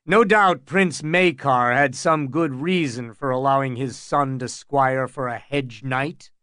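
Man reading as icy older lord, contemptuous, commanding, slow, dry sound. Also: mid-range voice, a bit bright, no room sound, close to an everyday voice. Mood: cold. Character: cold, commanding older lord and royal hand.

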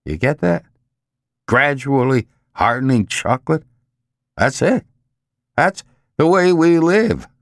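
A hoarse, croaking male boss frets and rants in an audiobook, as a man puts him on. He is short, round and sweaty, gloomy and quick to bluster. His voice swoops widely and sits close and dry, with little room sound. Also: fairly low pitch, very animated, no echo, exaggerated voice. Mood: gloomy ranting.

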